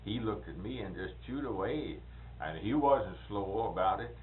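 An older man talks casually, asking questions and throwing in brief agreements. His middle-pitched voice swings widely up and down. It comes through a narrow, phone-like band with faint background hiss. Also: moderate pace. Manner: lively, asks questions, short agreements. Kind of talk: casual conversation.

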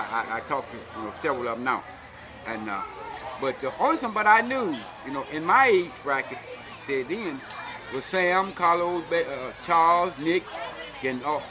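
Older man telling old stories, crowd behind. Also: a little high. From Alabama, US. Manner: folksy storyteller, keeps asking "see?". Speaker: interviewee. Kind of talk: oral history storytelling.

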